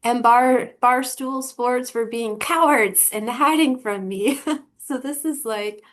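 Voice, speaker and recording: A woman talks through a clip in a relaxed, giggly way, breaking into amused laughter as she comments. She speaks slowly, with a voice a little higher than most women. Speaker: personality typing channel host.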